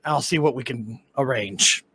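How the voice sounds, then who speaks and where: A man's voice: mid-range voice, unhurried, pushed and bright, husky, pitched below the performer's own voice, heavily acted. A man voicing a friendly, dealmaking male tavern keeper with a mock Cockney accent that drifts into Australian. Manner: shifting put-on accent.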